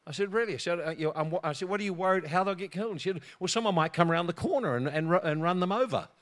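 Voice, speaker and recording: A man's voice: high-pitched, racing, fairly bright tone. A middle-aged man preaching a sermon, telling a personal story with frequent laughter and repeated words.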